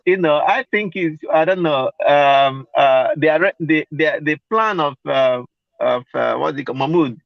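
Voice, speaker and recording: A man's voice: on the high side, unhurried, vocal fry, no echo. A man, co-hosting a casual political discussion, explaining hesitantly with many fillers. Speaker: podcast co-host. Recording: dry, dull lo-fi audio.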